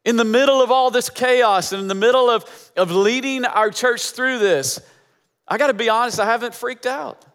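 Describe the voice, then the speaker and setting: Male pastor, high voice, emphatic repetitive sermon delivery, hall reverb. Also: normal speed, fairly bright tone, clear, resonant tone. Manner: emphatic, repeating phrases for effect.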